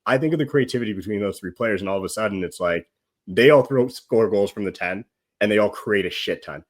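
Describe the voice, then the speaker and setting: A man speaking as a guest on a casual football chat, animated and rambling, often saying "like" and laughing. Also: on the low side, fast talker. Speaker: guest pundit.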